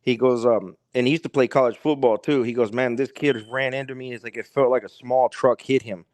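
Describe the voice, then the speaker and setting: A man's voice: mid-range voice, steady tone, fairly quick, a little mellow, no echo. A man as a podcast guest, telling a long story in a rambling way, stringing it together with "he's like" and "he goes". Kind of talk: casual storytelling.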